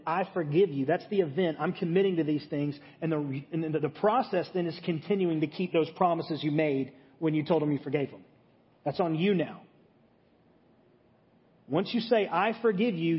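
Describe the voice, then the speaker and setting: A pastor with a high voice preaches a sermon to his congregation in a plain, conversational teaching style, often pausing to ask "okay?" His words carry a long reverb through a large hall, and the sound is a bit muffled.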